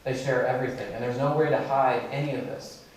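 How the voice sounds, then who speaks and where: A man's voice: mid-range voice, steady tone, a little fast, a little hiss or hum. A man giving a keynote talk, telling a personal story in a loose, conversational way with many fillers. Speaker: keynote speaker. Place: large lecture hall. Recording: echoey hall, mic from a distance.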